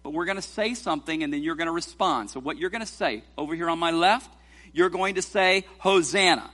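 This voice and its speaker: A man with a bright, somewhat high voice preaches in a church sanctuary. He is animated, draws scripture out slowly, then turns light and teasing as he coaches the congregation through a responsive reading. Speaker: pastor.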